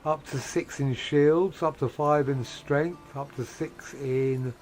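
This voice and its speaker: A man's voice: on the high side, steady tone, takes it slowly, a little mellow, soft background music. An English man streaming a game, chatting with a friend and telling stories about his old job. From England. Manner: chatty, storytelling. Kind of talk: casual gaming chat.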